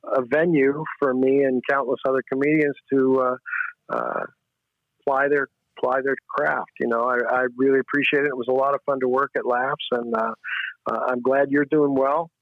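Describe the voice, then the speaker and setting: A middle-aged male comedian, speaking as a guest over the phone with warm, dry wit and some stammering. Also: mid-range voice, dry recording. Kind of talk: casual interview chat. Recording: tinny phone line, dry.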